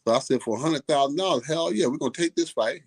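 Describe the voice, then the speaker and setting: A man's voice: fairly high pitch, quick pace, slightly rough. An older man, a boxing trainer, telling a profane story and acting out the quoted voices. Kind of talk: casual storytelling.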